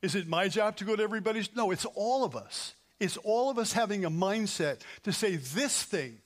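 A man's voice: sits high, expressive, a little fast. A man, a pastor leading an earnest closing prayer in a church service, rising to emphatic peaks. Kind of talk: sermon prayer. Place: church sanctuary.

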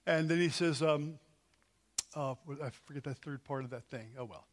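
In a church sanctuary, a pastor leads an earnest closing prayer during the service, a sermon prayer that rises to emphatic peaks. His voice is fairly high-pitched and he speaks at normal speed.

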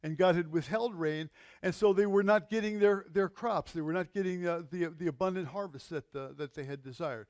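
A man with a high, light voice gives a conversational sermon and drops in rhetorical questions to the congregation. He slows down to lean on his key words. The sound is dry and close, with no room echo. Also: a little mellow. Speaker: pastor.

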